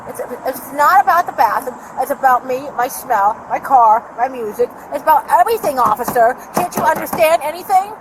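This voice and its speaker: A woman's voice: high voice, lively intonation, brisk, hardly any pauses. A woman in her car in a parking lot, arguing with a deputy in an agitated, rambling way, caught on the officer's body camera. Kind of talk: heated argument with a police officer. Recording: noisy outdoor bodycam audio.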